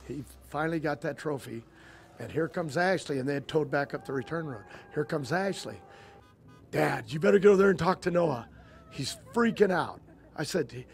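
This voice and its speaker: An older man, a drag racing team owner, telling stories in a casual interview, halting and often repeating himself as he restarts. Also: on the high side.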